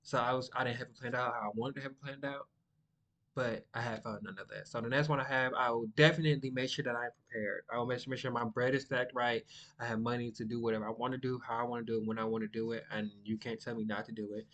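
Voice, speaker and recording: A young man, chatting casually and rambling to the camera, by his own account monotone. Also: mid-range voice, quick pace. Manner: rambling, sidetracked, self-described monotone. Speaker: vlogger.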